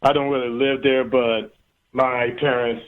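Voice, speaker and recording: A man in his thirties calling in to a show, speaking haltingly with many restarts and fillers. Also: medium pitch, level tone. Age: 30s. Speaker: caller. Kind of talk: call-in chat. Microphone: phone. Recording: tinny phone line.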